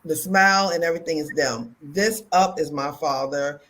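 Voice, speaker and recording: Animated woman telling stories. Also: sits low, moderate pace, low-quality recording. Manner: animated storyteller, acts out quotes loudly. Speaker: talk show co-host. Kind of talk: casual chat.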